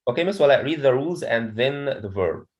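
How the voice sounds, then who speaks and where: A man's voice: medium pitch, lively intonation, a little fast, a little mellow, highs cut off. A man teaching a pronunciation lesson to a class, repeating words and questions patiently. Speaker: English teacher.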